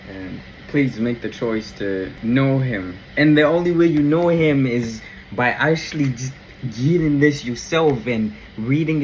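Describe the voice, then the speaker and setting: A man giving a casual, excited faith reflection, telling the story in slangy everyday talk and exclaiming in wonder. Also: mid-range voice, a little hiss or hum, poor audio. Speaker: Christian vlogger.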